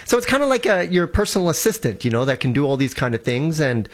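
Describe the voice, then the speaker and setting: A man's voice: a little high, very animated, quick pace. A man explaining tech in an eager, casual way, often restarting his sentences. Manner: enthusiastic, restarts a lot. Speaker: tech guest on a show.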